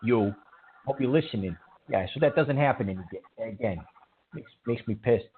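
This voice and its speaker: A man's voice: medium pitch, lively intonation, normal speed, slight background noise. A man hosting a call-in radio show, talking emphatically and repeating himself, scolding callers. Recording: tinny phone-like audio.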